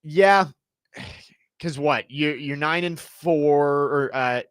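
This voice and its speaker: A man's voice: on the high side, drawn-out words, clear, resonant tone, no room sound, studio quality. A man hosting live sports talk radio, reading promos and steering the chat in a conversational way. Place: radio studio. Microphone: studio mic.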